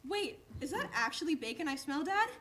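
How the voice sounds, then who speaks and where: A woman's voice: sits high, lively intonation, fairly quick, fairly bright tone, slight background noise. A woman playing an eager, chatty young male pet dog in a staged play reading, who keeps calling his owner "Dad.".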